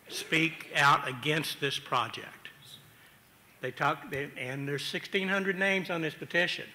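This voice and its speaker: A man speaks in a chatty, self-deprecating way while arguing against the crowd. His tone is very bright and a little high. The long reverb of a council chamber surrounds him. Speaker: public commenter. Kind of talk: public hearing testimony.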